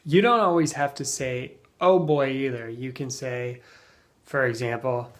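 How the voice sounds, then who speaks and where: A man teaching an English phrase in a relaxed, casual way, with plenty of ums and uhs, acting out example sentences with strong emphasis. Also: medium pitch, measured pace. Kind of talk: casual spoken lesson.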